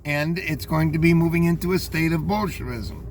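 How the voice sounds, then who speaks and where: An older man with a high-pitched voice reads out the news headlines one after another. He breaks off after each one to make scornful, meandering remarks straight to his listeners. A faint background noise sits under the recording. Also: normal speed. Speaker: commentator reading news headlines. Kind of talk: opinionated headline commentary.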